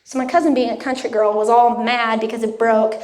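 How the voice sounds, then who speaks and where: Young woman, high voice, youth sermon, casual storyteller, echoey room. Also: flat delivery, brisk, a little mellow. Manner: casual storytelling, acts out quotes. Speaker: youth speaker.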